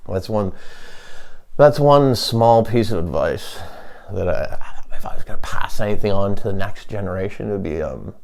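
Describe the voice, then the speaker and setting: A man hosting his own comedy podcast, rambling on in a dry, deadpan way and stopping often to hesitate. His voice has a gravelly creak and wanders up and down in pitch. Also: moderate pace. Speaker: podcast host.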